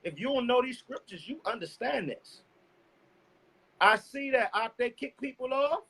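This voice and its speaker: A man preaching a loud, profane sermon and cueing a scripture reader. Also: very high voice, lively intonation, normal speed, slightly rough, poor audio. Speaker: street preacher. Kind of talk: fiery street sermon.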